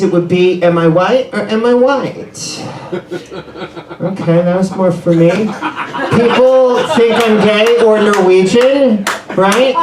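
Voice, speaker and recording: A man doing a rambling, self-deprecating stand-up set in a bar, ad-libbing through the trouble. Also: high-pitched. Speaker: stand-up comedian. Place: bar comedy room. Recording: echoey room, mic far off.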